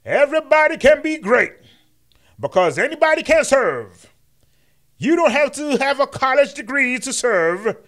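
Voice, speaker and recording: A man doing an impression of a grand, rousing preacher-orator, speaking in a swelling sermon cadence with drawn-out words. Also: very high-pitched, big pitch swings, fairly bright tone, pitched above the performer's own voice, full character voice. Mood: orating.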